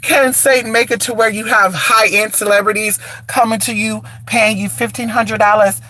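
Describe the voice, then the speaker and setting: A woman who does spiritual candle services, talking in a blunt, profane rant, her voice raspy from just waking up. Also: mid-range voice, fairly even intonation, normal speed, sharp tone, no room sound. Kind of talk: casual rant to camera.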